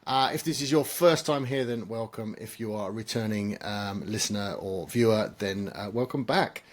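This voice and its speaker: A man's voice: lowish voice, moderate pace. A man hosting a podcast, chatting casually with plenty of ums and a self-deprecating humor. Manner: relaxed, self-deprecating, frequent ums and uhs. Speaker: podcast host.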